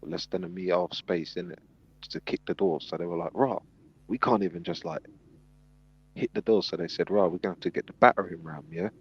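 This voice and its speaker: A man telling a story in casual chat, animated and acting out the people in it, on a dull lo-fi recording. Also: sits low, a little fast, husky, no room sound. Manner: animated storyteller, acts out quotes. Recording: dull lo-fi sound.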